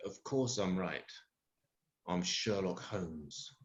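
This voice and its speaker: An actor playing a rude, arrogant detective in a live comedy sketch, in a British accent, talking in a brash, crude and boastful way. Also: male voice, on the high side, lively intonation, moderate pace, a bit bright. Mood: smug. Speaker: sketch performer. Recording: lo-fi live recording.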